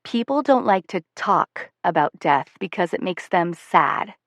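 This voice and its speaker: A woman voicing a young male teacher who recites his own poem in a calm, deliberate way, within audiobook narration. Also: fairly low pitch, no room sound. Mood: earnest.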